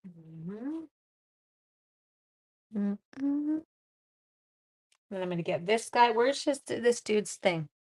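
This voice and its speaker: A middle-aged woman, chatting on a live stream while crafting, warm-hearted and getting teary. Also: mid-range voice, lively intonation, drawn-out words, pauses often. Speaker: livestream crafting host.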